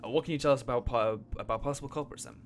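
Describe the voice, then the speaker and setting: A man's voice: mid-range voice, very fast, a little hiss or hum. A man doing casual let's play commentary, joking and chatty while reading game dialogue aloud.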